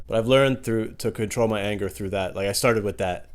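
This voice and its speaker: A man doing stand-up comedy, telling loose stories and breaking into loud acted-out voices. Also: on the low side, a little fast.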